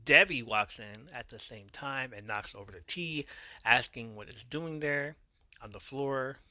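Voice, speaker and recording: A man's voice: mid-range voice, bright, forceful tone, no echo. A man hosting a podcast, casually recapping an episode in a loose manner, swearing now and then and correcting his own slips. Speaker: podcast host.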